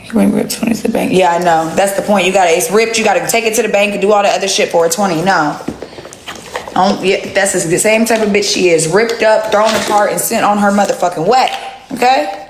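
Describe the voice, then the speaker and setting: A woman's voice: medium pitch, fairly quick, reverberant, a little hiss or hum. Brash, profane woman on a phone livestream. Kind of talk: casual livestream chat. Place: at home indoors.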